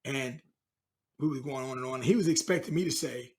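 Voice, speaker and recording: A man coach talking, telling lively stories in conversation and acting out both sides of the dialogue. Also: medium pitch, fairly quick. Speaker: guest speaker and coach. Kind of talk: animated storytelling in conversation.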